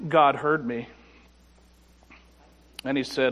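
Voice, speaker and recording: A male pastor telling a personal story in a sermon, moving between quiet reflection and emphatic moments. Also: fairly high pitch, a little slow, in a large hall.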